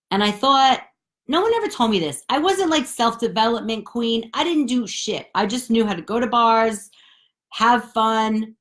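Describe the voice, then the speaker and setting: A woman candidly telling a personal story to camera, profane and animated, dropping low and then bursting high. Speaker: spiritual coach and vlogger.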